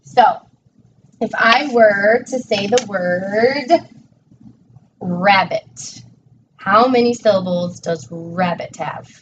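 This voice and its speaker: A woman's voice: mid-range voice, takes it slowly. A woman teacher tutoring a child one-on-one in a patient, encouraging way, praising each answer. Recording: distant dull mic with faint noise.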